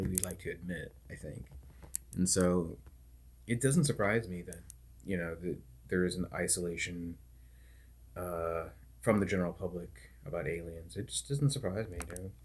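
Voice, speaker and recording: A man's voice: sits low, normal speed, slightly rough. A man streamer chatting casually and rambling while he plays a game, full of "like" and "dude". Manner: laid-back, loose talk full of "like" and "dude". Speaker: gaming streamer.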